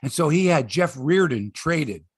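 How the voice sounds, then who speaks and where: A man in his sixties hosting a sports podcast, telling stories in a casual, animated way and acting out quotes. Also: fairly high pitch, a little slow, breathy edge, no echo, clean studio sound. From Canada. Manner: animated storyteller, acts out quotes, swears freely. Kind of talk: casual sports chat and storytelling.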